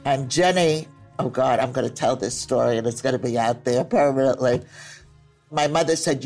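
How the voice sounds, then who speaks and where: An older woman and grandmother telling family stories with a lively, laughing delivery and acted-out quotes. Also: very deep voice, normal speed, faint music behind. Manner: lively storyteller who laughs easily and acts out quotes. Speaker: grandmother interviewed by her grandson. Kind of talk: family storytelling.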